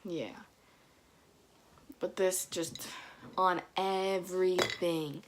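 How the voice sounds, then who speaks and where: Animated young woman telling family stories. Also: lowish voice, drawn-out words, a little hiss or hum. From Dominican family. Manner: animated, mimics her mother's scolding, rising to loud bursts. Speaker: vlogger. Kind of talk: casual comedic storytelling to camera.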